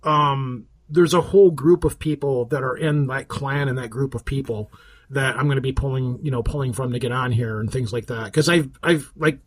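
A man's voice: mid-range voice, steady tone, normal speed. A man hosting a podcast in casual, rambling chat, often restarting his sentences. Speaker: podcast host.

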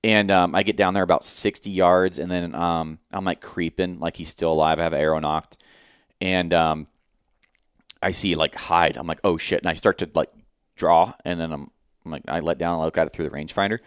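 A young man co-hosting a podcast, retelling a hunt in a rambling, animated way with lots of quoted dialogue and swearing. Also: low voice, brisk, smooth, no room sound, studio quality. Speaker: podcast co-host. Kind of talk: casual storytelling chat.

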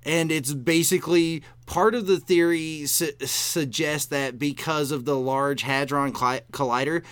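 Smooth-voiced man on a casual podcast. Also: a little high, fairly even intonation, a little slow, fairly bright tone, dry recording. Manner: laid-back, laughs often, swears casually. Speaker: podcast co-host.

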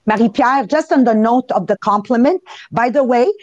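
A woman in her fifties with a heavy Italian accent, co-hosting a live podcast in a lively, chatty way and addressing listeners directly. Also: fairly high pitch, moderate pace, no echo, dull audio. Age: 50s. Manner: animated, laughs often, talks to listeners. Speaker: podcast co-host. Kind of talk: casual live podcast talk.

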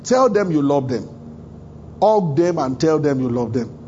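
Male African pastor, high-ish voice, humorous sermon delivery, muffled lo-fi church recording. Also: expressive, unhurried, a little mellow, a little hiss or hum. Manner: humorous, chuckling often, acts out quoted dialogue. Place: church service.

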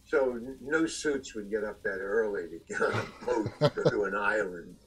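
An older man, an actor being interviewed, telling stories in a halting way with restarts and chuckles. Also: lowish voice, background noise. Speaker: actor guest. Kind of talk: anecdotal storytelling.

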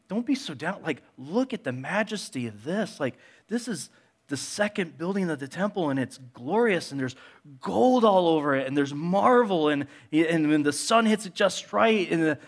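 Eager young male disciples gush with wide-eyed excitement, as a preacher acts them out. The voice rides high and lively, tumbling over itself with enthusiasm. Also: takes it slowly, creaky, slightly rough, full character voice. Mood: awed. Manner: excited, gushing.

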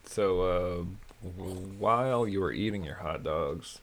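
Deep gravelly man with bright tone. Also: a little slow. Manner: brief backchannels, dry asides. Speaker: podcast co-host. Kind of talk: casual chat.

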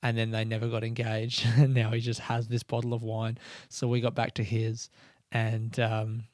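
A man hosting his own podcast, talking softly and quietly in his house late at night, rambling casually through stories. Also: medium pitch, monotone, moderate pace, no echo, studio quality. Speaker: comedian podcast host. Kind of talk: casual solo podcast chat.

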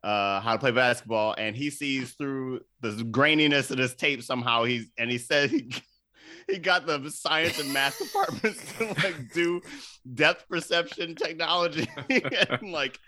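A man's voice: mid-range voice, unhurried, bright, forceful tone. A man hosting a podcast, recapping a movie in loose, profane casual chat, laughing often and acting out the characters' lines. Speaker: podcast host.

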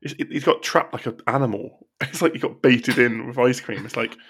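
A man's voice: mid-range voice, a little fast, a bit bright, slightly rough. A man co-hosting a casual podcast, wry and critical with jokes. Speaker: podcast co-host.

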